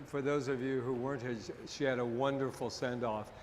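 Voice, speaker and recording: A man's voice: medium pitch, steady tone, brisk. A man serving as minister, talking casually and jokingly to his congregation during a Sunday service. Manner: chatty and joking, rambles off-topic. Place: church sanctuary with a congregation. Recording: reverberant hall, faint background noise.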